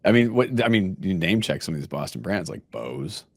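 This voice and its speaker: A man with a low, brisk, creaky, slightly rough voice, recorded without echo, hosts a casual interview. Jokey and animated, he laughs often while asking his questions.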